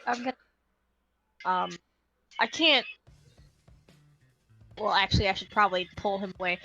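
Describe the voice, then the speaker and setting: A woman's voice: mid-range voice, moderate pace, bright, forceful tone, muffled recording, faint music behind. A woman playing in a tabletop game, talking hesitantly and trailing off. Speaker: player.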